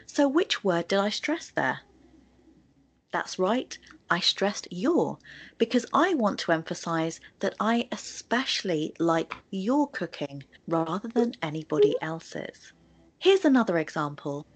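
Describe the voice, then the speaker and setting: A woman's voice: medium pitch, big pitch swings, unhurried, husky. A woman presenting a scripted video lesson on sentence stress, explaining with spoken examples. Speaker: English tutor in a video.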